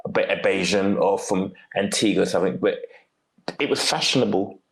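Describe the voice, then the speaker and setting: A man hosting a podcast, chatting casually in an animated, emphatic way. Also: sits low, fairly quick, low-quality recording.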